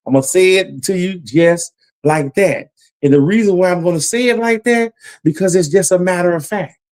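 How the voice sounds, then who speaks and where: A man preaching a Bible lesson about judgment, emphatic and repetitive, his voice climbing as he warns. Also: on the high side. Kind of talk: Bible teaching sermon.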